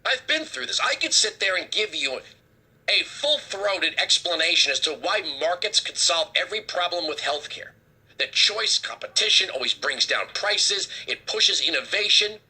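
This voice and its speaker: Male talk host, high and sharp-toned, husky, ranting with sarcasm. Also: big pitch swings, normal speed. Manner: heated, sarcastic, emphatic. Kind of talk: political commentary rant.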